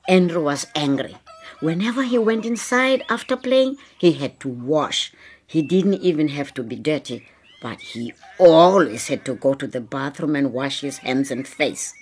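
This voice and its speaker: Woman reading a kids' story aloud, low voice, unhurried, bit of hiss. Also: animated. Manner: slow, clear and measured. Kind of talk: scripted children's story narration.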